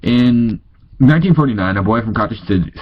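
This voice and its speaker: With a stuffy nose and obvious tiredness, a young North Dakota man reads ghost stories aloud, mixing in asides and correcting his own stumbles. His mid-range voice is expressive and fairly quick, and the audio has its highs cut off.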